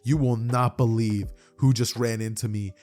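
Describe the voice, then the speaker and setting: A man voicing an eager teenage boy in a fan story, talking excitedly in slang like "bro" and "like". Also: mid-range voice, moderate pace, close to an everyday voice.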